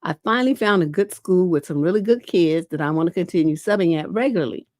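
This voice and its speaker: A woman's voice: on the low side, fast talker, a little mellow, no room sound, studio quality. A middle-aged woman relationship coach on a livestream, reading viewer questions aloud and answering them bluntly and casually, with a lingering cough. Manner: blunt, casual, peppered with "you know".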